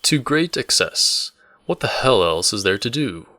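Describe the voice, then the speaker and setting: A man's voice: lowish voice, very animated, a little slow, sharp tone, no room sound, studio quality, pitched above the performer's own voice, full character voice. A man voicing a playful young male innkeeper's assistant who talks in a lilting, teasing way.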